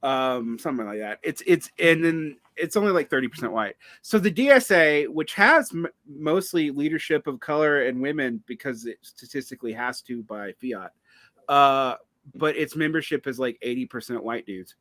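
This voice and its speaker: A man's voice: mid-range voice, animated, normal speed, fairly bright tone, no echo. A man from the Southern United States in a casual political discussion, telling stories with wry asides. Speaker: podcast guest or host.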